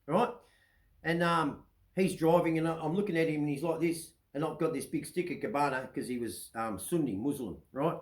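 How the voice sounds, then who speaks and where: A man's voice: fairly high pitch, moderate pace, reverberant, rough recording. A man with an Australian accent, hosting his own show and telling a long story in a casual, rambling way, often checking in with "right?". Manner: chatty, keeps asking "right?". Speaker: storyteller host.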